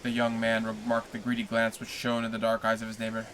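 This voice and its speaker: A man narrating a classic novel aloud on a livestream, in a low, even reading voice. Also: fast, slight background noise. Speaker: reader.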